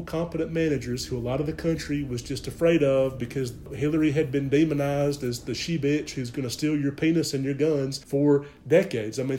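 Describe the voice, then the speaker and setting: A man's voice: on the high side, dark tone. A man hosting a podcast, delivering a blunt, profane, sarcastic political monologue. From Alabama. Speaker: podcast host.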